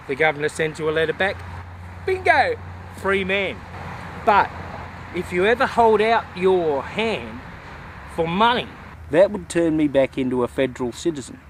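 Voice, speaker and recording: Australian male vlogger, slightly high voice, folksy and rambling, recorded outdoors with faint traffic hiss. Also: expressive, normal speed. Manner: folksy and rambling, with bush slang. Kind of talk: casual walking vlog. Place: outdoors in the bush by a road.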